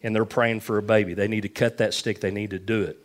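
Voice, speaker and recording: A man's voice: fairly low pitch, fairly even intonation, quick pace. A middle-aged man preaching a sermon, telling folksy stories with lots of repetition. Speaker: pastor.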